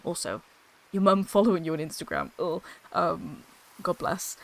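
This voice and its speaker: A woman's voice: on the low side, sing-song, normal speed. Bubbly woman streaming games. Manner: bubbly, laughs often, swears, slips into silly voices. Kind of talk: casual gaming stream chat. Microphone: old desktop microphone.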